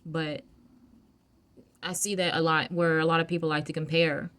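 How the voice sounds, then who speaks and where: Low-voiced woman vlogging, soft and unhurried. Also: flat delivery. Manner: soft-spoken, unhurried, many fillers and restarts. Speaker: vlogger giving emotional wellness advice. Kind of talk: casual reflective talk to camera.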